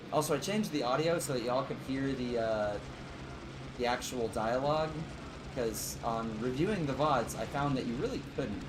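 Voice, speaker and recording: A man's voice: mid-range voice, background noise. Rambling, joking streamer man. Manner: rambling, joking asides, chats with viewers. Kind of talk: casual live gameplay commentary.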